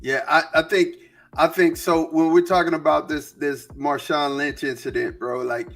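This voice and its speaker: A man's voice: fairly high pitch, little pitch movement, normal speed, creaky, a bit bright. A man co-hosting a sports podcast in casual chat, retelling stories and agreeing often. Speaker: podcast co-host.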